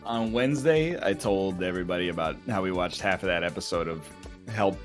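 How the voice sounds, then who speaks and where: Low-voiced man with dry commentary. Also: soft background music. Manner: dry, wry commentary, rattles off lists quickly. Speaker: streamer playing a farm game with his co-host. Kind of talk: casual chat while gaming.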